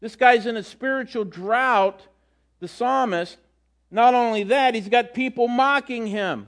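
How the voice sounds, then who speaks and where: A man's voice: extremely high pitch, unhurried, a bit bright. A middle-aged man giving a sermon as a pastor, telling stories and acting out the quotes in different voices. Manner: storytelling, acts out quotes with voices.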